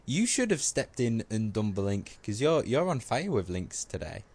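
A man's voice: lowish voice, very animated, moderate pace, darkish tone, slightly rough. A man co-hosting a podcast in casual chat, joking and self-mocking. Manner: joking, self-mocking, puts on funny voices. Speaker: podcast co-host.

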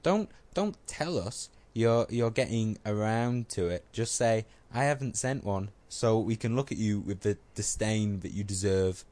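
A man's voice: on the low side, lively intonation, measured pace, few pauses, darkish tone. A man co-hosting a podcast in casual chat, joking and self-mocking. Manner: joking, self-mocking, puts on funny voices. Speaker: podcast co-host.

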